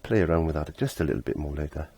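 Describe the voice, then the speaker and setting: A man's voice: rumbling low, racing, mellow. A middle-aged man teaching a casual painting lesson, chatty and laughing at himself, trailing off when he concentrates.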